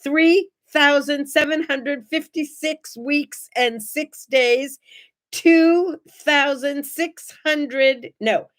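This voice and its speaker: A woman in her seventies hosting a casual morning show, animated and bubbly, chatting to her viewers and her toys. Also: high voice, extremely slow. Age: 70s. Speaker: host.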